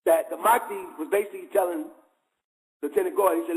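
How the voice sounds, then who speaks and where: A man's voice: high-pitched, steady tone, fast talker, poor audio. A man hosting a show, preaching in a casual, conversational way and constantly checking in with his listeners. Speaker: host.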